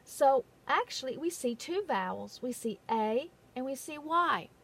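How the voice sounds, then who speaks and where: A woman giving a phonics lesson in a patient, deliberate way, stressing the key words. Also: high voice, expressive, a bit bright, husky. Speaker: phonics teacher. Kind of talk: slow, careful classroom instruction.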